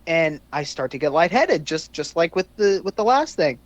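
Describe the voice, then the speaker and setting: A man's voice: on the high side, very animated, normal speed, no echo. Young man rambling and swearing. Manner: rambling, swears a lot, repeats words while searching. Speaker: podcast co-host. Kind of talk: casual chat.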